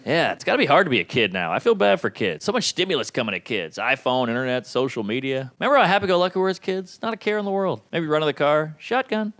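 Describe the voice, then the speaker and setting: A man in his thirties performing a stand-up comedy set on a club stage, with a punchy delivery and quick switches into quoted voices. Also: on the high side, big pitch swings, a bit bright. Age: 30s.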